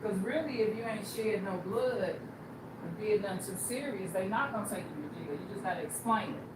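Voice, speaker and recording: Woman, livestream host, blunt animated storytelling, echoey room, noisy background. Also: medium pitch, brisk. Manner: blunt, animated storyteller who acts out quoted people.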